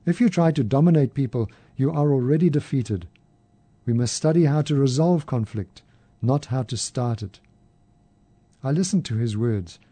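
Male storyteller, mellow and dry, reading steadily. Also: medium pitch, animated, moderate pace, dry recording. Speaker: narrator. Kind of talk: first-person story reading.

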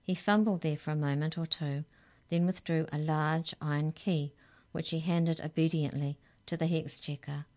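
A woman storyteller reading a children's story aloud in a measured, expressive way. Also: low-pitched.

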